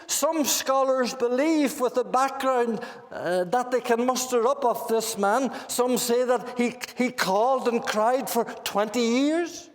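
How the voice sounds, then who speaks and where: A man's voice: very high voice, slow, few pauses. A man with a Northern Irish accent preaching a sermon in a church meeting hall, earnestly putting questions to his listeners.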